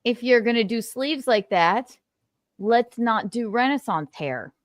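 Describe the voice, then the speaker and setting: A woman's voice: on the high side, animated, measured pace, no room sound. A woman co-hosting a casual reaction chat, sarcastic and outspoken, with swearing. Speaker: co-host.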